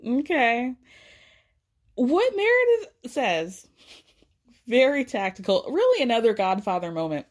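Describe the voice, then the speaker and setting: A woman's voice: on the high side, big pitch swings, unhurried, pauses often. A woman casually recapping a reality show, chatty and acting out quotes in a raised voice. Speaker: recap podcaster.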